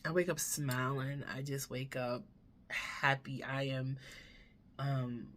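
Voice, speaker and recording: Low-voiced, slow-talking woman vlogger. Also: steady tone, fairly bright tone, slight background noise. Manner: candid, earnest, swears freely; emotional, drops to a whisper at times. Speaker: beauty vlogger. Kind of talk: candid life-update chat to camera. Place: home room, seated in front of camera.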